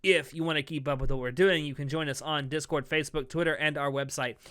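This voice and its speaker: A man co-hosts a relaxed podcast conversation with a bright, smooth voice. He is chatty, laughs easily and talks through plot points at length. His voice sounds dry and close, with no room around it. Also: a little high, quick pace, dry recording. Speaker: podcast co-host. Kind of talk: casual podcast review chat.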